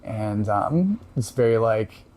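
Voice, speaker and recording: A man calmly recounting a personal story in casual conversation, reflective, with frequent pauses and fillers. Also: on the low side. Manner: reflective, halting with many fillers. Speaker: podcast guest.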